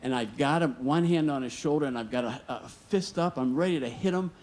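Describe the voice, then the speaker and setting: On stage at a museum storytelling event, a man tells a personal story live, earnest and vivid, acting out the dialogue. His voice is medium-pitched, a little mellow, and fairly quick.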